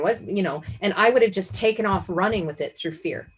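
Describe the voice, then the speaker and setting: A woman's voice: mid-range voice, a little fast, breathy edge, poor audio. Woman, video-call host, earnest, reflective, teaching casually. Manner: earnest and reflective, asks herself questions aloud. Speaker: Bible study discussion host.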